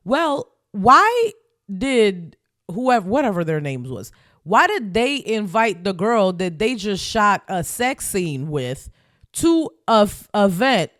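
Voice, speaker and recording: A woman co-hosting a gossip podcast, blunt and sassy with lively pitch. Her voice sounds dry and close, with no room echo. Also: slow pace. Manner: blunt, sassy, laughs a lot. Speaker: podcast co-host. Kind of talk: casual gossip chat.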